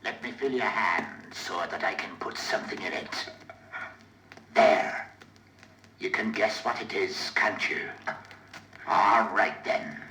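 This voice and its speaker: An actor playing a menacing blind old pirate on a vintage children's story record. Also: male voice, on the low side, takes it slowly, long pauses, noisy background. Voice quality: menacing, wheedling then threatening. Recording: echoey vintage vinyl recording.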